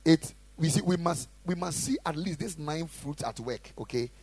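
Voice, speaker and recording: Raspy preaching pastor, lively and gravelly. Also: male voice, a little high, moderate pace, poor audio. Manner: preaching with call-and-response questions; swings between shouting and soft asides. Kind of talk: sermon.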